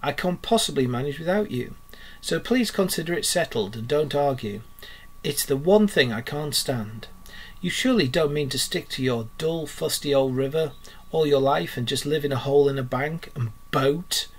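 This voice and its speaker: A man voicing a boastful, excitable male toad gentleman in a grand, pompous manner, read aloud from a storybook. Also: a little high, moderate pace, slightly rough. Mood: coaxing.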